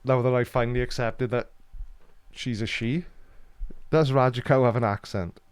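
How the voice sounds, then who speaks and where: A man's voice: mid-range voice, fairly even intonation, normal speed, clean tone, no echo. Jokey Welsh man reading chat. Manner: jokey, dry teasing banter. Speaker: streamer. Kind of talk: live stream chat, reading comments.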